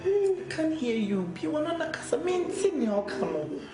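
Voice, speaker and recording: A woman's voice: high-pitched, big pitch swings, normal speed. A woman with a Ghanaian accent acting in a film drama, consoling and praying aloud. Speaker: actor. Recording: echoey room with loud music.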